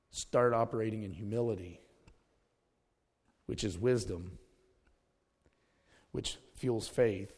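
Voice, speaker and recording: A man's voice: fairly low pitch, a little mellow, big-room sound. A man preaching a sermon, emphatic, repeating his key words and calling his listeners folks.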